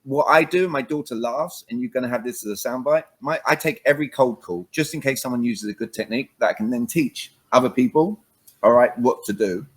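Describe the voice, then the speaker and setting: Husky man, animated coach. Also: mid-range voice, a little fast, rough recording. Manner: lively, acts out phone calls, emphatic. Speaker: communication coach, guest. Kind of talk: animated interview talk with acted examples.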